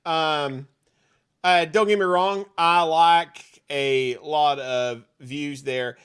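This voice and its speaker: A man's voice: fairly high pitch, fairly even intonation, drawn-out words, a bit bright, clean tone. Sarcastic, swearing podcast co-host man. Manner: sarcastic, swears freely, laughs often. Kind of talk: casual chat.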